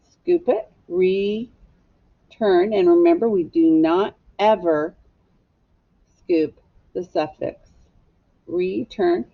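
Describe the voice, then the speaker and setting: Slow, patient woman teaching phonics. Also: fairly low pitch, dull audio. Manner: slow, patient, drawn-out sounding of syllables. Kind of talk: phonics lesson for children.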